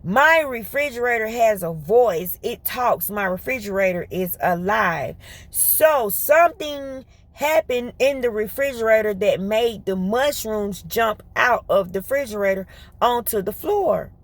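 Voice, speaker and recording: An animated woman with a fairly high voice, chatting casually to her viewers as she tells a story. She talks fast and in bursts, slips into laughter, and keeps a loose, colloquial flow. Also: no echo. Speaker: vlogger.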